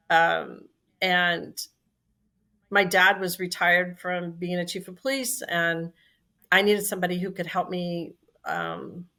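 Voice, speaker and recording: Woman, 60s, company CEO, bright tone, lower pitch, lively storyteller acting out quotes. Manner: lively anecdotal storyteller, acts out quoted dialogue. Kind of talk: storytelling in conversation.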